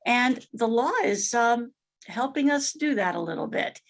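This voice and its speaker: A woman's voice: on the high side, lively intonation, a little slow, gravelly. Woman mediator speaking in a webinar. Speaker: mediator, presenter. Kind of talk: webinar talk.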